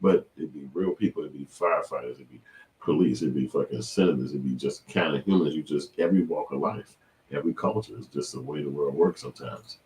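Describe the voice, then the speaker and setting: A man with a deep, low voice gives loose, conversational commentary on clips he is reacting to. He talks in an animated way and keeps slipping into exaggerated impressions of the people he describes. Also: brisk, far from the mic. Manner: animated, slips into loud high impressions. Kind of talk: casual commentary.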